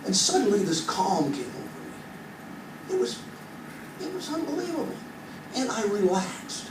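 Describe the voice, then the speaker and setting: Man, 50s, from Iowa, stand-up comic on a cruise ship, high voice, chatty crowd-work storyteller, echoey far-off room sound. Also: big pitch swings, normal speed. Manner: chatty storyteller, quizzes the audience, builds to punchlines. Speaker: stand-up comedian. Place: entertainment venue on a cruise ship. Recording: echoey room heard from a distance with ambient noise.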